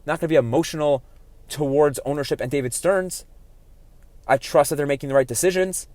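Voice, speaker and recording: A man hosts his own sports talk podcast alone, arguing his takes with rising heat. His voice sits a little high for a man. The sound is dry and close, with no room around it. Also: a little fast, dry recording. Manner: opinionated, gets heated and animated.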